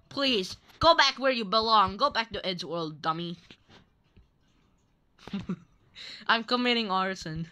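A woman's voice: fairly high pitch, bright, forceful tone, clear, resonant tone. A young woman giving playful, teasing commentary while playing an online game, laughing often. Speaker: gaming channel host. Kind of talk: Roblox gameplay commentary.

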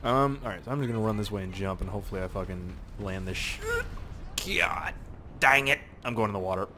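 A young man giving casual, excitable commentary while playing a video game, swearing and exclaiming often. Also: fairly low pitch, brisk, slight background noise. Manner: excitable and profane, frequent exclamations and laughs. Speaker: gameplay commentator.

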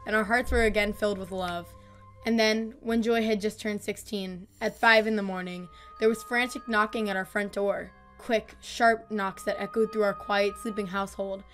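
A woman calmly reading horror stories in scripted narration, growing softer and quieter on the grim lines. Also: medium pitch. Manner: calm, measured, dropping softer on grim lines. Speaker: storyteller. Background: faint music.

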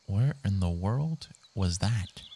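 A young man giving excitable, swearing commentary while he plays a video game on a headset mic. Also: sits low, takes it slowly, husky. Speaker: gaming YouTuber. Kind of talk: live gameplay commentary. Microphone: gaming headset.

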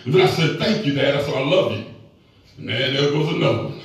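A man in his fifties preaching a sermon, telling a personal story in a folksy, emphatic way with sudden shouts. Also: mid-range voice, animated, fast. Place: large echoey church hall. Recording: echoey hall, voice from far off.

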